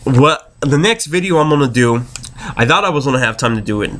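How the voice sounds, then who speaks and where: A man's voice: medium pitch, lively intonation, a little fast, a bit bright, slight background noise. A man giving an angry, profane, exasperated ranting review of a wrestling show.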